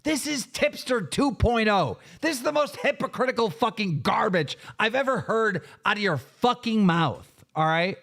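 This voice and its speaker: Give me a furious, profane male stream host with a lively, high-pitched voice. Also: normal speed, gravelly, hardly any pauses. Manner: angry, profane, repeats himself. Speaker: stream host reacting to clips. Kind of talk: heated live-stream commentary.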